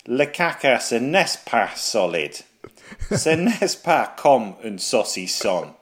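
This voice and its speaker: A man's voice: medium pitch, sing-song. A man putting on a mock French accent to read out a pompous Frenchman's letter. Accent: exaggerated fake French. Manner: slow, theatrical, mocking.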